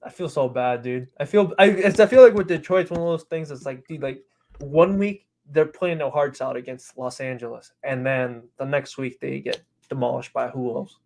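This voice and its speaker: A man's voice: mid-range voice, normal speed, vocal fry, darkish tone. A man guesting on a sports podcast, chatting animatedly, laughing and repeating himself as he talks. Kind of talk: casual sports chat.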